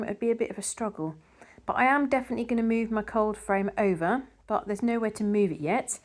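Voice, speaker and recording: A woman's voice: medium pitch, darkish tone. A middle-aged woman chatting casually as a garden vlogger, rambling a little with fillers. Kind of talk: casual vlog narration.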